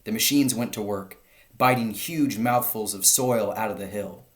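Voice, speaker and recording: A man, a teacher, reading a children's story aloud to his class, lifting his voice for the shouted lines. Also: on the low side, normal speed.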